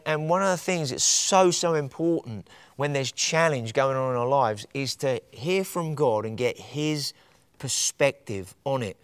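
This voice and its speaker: A man's voice: medium pitch, no room sound. A man preaching a sermon with passion, building to emphatic peaks.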